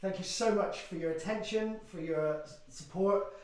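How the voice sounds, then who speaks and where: A man's voice: high voice, moderate pace. Rambling jokey man on a distant mic. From Bristol, England. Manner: rambling, jokey, swears casually. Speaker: folk singer-songwriter. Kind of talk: banter between songs at a live-streamed gig. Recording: very echoey, distant mic, loud ukulele.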